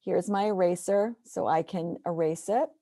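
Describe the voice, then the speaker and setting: A woman's voice: on the low side, normal speed, warm tone, no echo, clean studio sound. A woman teacher walking through a screen-share tutorial step by step, explaining patiently.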